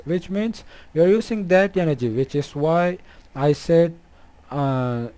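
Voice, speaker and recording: A man speaking as a spiritual healer, explaining and demonstrating in a halting way full of ums and uhs. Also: fairly high pitch, smooth. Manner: halting, with frequent um and uh; softly spoken.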